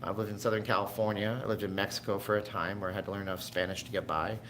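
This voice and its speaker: A man's voice: fairly low pitch, level tone, fast, background noise. A man from Canada hosting a casual livestream from his home, rambling chattily and answering viewers' questions. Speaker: livestream host.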